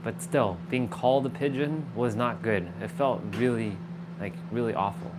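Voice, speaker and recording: A man hosting a livestream, talking casually and telling an animated story, swearing freely. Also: mid-range voice, normal speed, background noise. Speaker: livestream host.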